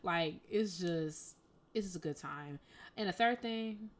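A woman's voice: fairly low pitch, measured pace. A woman co-hosting a podcast, ranting emphatically and exasperatedly in casual speech. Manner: exasperated, emphatic, conversational slang. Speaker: podcast co-host.

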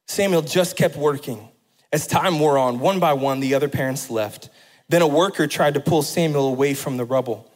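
A man's voice: a little high, moderate pace, poor audio. A middle-aged man preaching a sermon and telling a story, building to impassioned, emphatic phrases. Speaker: pastor.

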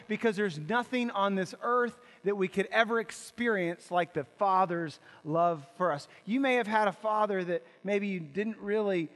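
A man's voice: sits high, a bit bright, long reverb tail. A male pastor preaching an impassioned sermon, asking rhetorical questions and repeating words as he builds.

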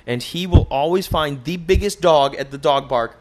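A young man hosting a casual solo podcast, joking and cursing through loose, animated stories. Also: on the high side, moderate pace. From United States. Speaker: podcast host.

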